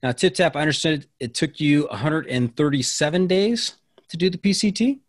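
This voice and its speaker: A man's voice: a little high, a little fast, no echo. Male podcast host, dry close sound, easygoing and jokey with guests. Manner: friendly, jokey, plays along with guest. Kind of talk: casual interview chat.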